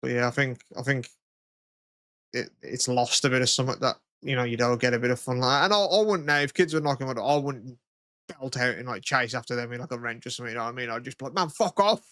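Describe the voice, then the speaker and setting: A man's voice: medium pitch, steady tone, quick pace, fairly bright tone, no room sound, studio quality. A young man from England, co-hosting a podcast and telling rambling, sweary stories with frequent laughs. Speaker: podcast co-host. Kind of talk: casual chat.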